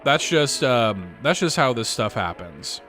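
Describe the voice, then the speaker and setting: A man's voice: mid-range voice, big pitch swings, unhurried, pushed and bright, soft background music. Chatty man thinking aloud over a game. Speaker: let's-play host. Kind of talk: game playthrough commentary.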